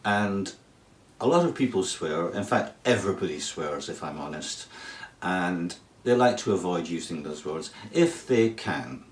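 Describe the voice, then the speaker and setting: A man with a very low voice talks slowly and wryly, dropping humorous asides as he explains. The sound is roomy and a little distant from the mic. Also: expressive. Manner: chatty, wry, humorous asides. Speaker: English teacher. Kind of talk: casual explainer video.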